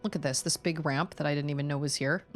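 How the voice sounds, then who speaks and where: A woman streaming a video game, chatting casually and rambling through a story in an animated way. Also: deep voice, moderate pace, creaky, soft background music. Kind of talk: casual chat while gaming.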